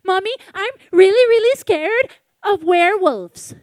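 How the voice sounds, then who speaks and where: A woman's voice: extremely high pitch, lively intonation, measured pace, dry recording, clean studio sound, voice pushed up. A woman voicing a frightened little girl who wakes at night and calls out shrilly and pleadingly for her mother. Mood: fearful, pleading.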